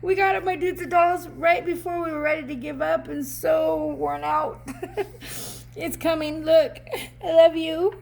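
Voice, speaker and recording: High-voiced chatty woman reading cards. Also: steady tone, measured pace, vocal fry, darkish tone, slight background noise. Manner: chatty, upbeat, laughs often, reads card text aloud. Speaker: oracle card reader. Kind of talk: casual card reading to camera.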